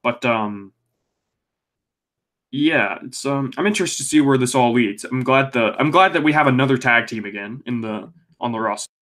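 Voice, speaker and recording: A man's voice: mid-range voice, normal speed, a bit bright. A young man co-hosting a podcast, reviewing wrestling in a casual, rambling way, with lots of ums, restarts and the odd swear. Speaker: podcast co-host.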